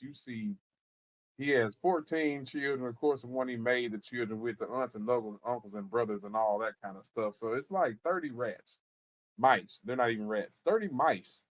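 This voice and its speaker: A man narrating a tabletop game as game master, loose and casual, often repeating words and restarting. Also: mid-range voice.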